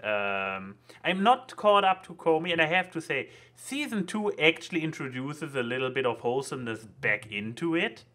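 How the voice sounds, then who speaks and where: A man's voice: on the high side, sing-song, moderate pace, hardly any pauses, bright, forceful tone. A young man hosting a casual podcast, rambling and stammering with crude language. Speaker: podcast host.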